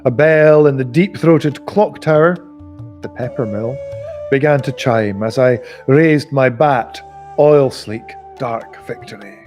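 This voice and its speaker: A man reading a novel aloud in a live reading, expressive and giving the characters voices. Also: mid-range voice, slow, faint music behind. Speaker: audiobook reader.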